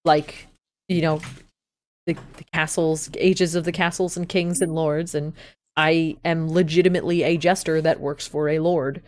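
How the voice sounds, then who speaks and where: A woman's voice: low voice, steady tone, moderate pace, a little mellow. A young adult woman chatting enthusiastically as a player in a casual tabletop game session, rambling with fillers.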